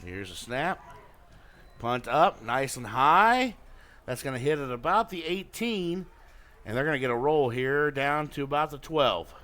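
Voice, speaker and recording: A man calling a high school football game live on radio as play-by-play announcer, with quick play calls that climb to shouts on big plays. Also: expressive, poor audio. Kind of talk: live radio sports commentary.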